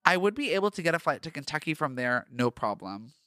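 A man's voice: a little high, big pitch swings, fast talker, pushed and bright, dry recording, studio quality. A man hosting a podcast who reads his own fan fiction aloud, breaking off for campy, gushing, self-mocking asides. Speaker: podcast host.

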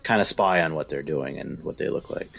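A man's voice: rumbling low, a little fast, creaky, a bit bright, poor audio. A man playing a tabletop game, talking casually and hesitantly about his moves. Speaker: player.

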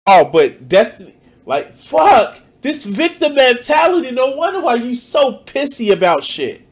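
A man with a high voice that leaps all over, speaking slowly as he reacts in mocking disbelief to what he is watching. He swears freely and drags out his exclamations. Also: very animated, husky. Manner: incredulous, mocking, swears a lot. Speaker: stream reactor. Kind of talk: reaction commentary.

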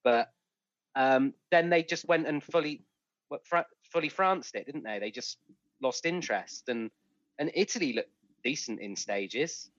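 A man chatting about rugby on a podcast in a relaxed, hesitant way. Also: medium pitch, measured pace, dry recording. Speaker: podcast co-host. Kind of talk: casual sports chat. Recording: dry, dull lo-fi sound.

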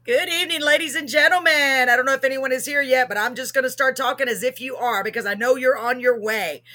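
A woman's voice: sits high, fairly even intonation, quick pace, bright, forceful tone. A middle-aged woman from Texas, hosting a live chat show, bubbly and jokey with frequent laughs. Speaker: show host.

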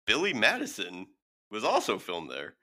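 Very bright, animated man on a podcast. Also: fairly low pitch, moderate pace. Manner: mock-outraged, animated. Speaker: podcast co-host. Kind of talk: casual podcast chat.

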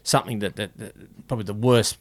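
A low-voiced man hosting a casual podcast interview. He talks fast and keeps up a steady stream of quick agreement. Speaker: podcast host.

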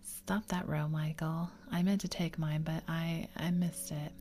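A woman's voice: low-pitched, level tone, unhurried, warm tone, slight background noise. A woman voicing a proud, blustering middle-aged father in a whispered role-play.

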